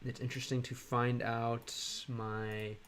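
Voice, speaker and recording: A young American man chatting on a live stream, reading chat aloud and working through halting Russian with lots of fillers. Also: mid-range voice, level tone, a bit bright. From United States.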